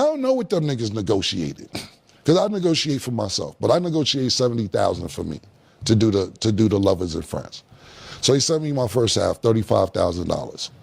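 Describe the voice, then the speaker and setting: A man's voice: lowish voice, gravelly, darkish tone, breathy edge. A man in a casual interview, telling a story and acting out the other voices in a laid-back drawl. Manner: acts out quoted dialogue in a laid-back drawl. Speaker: podcast guest.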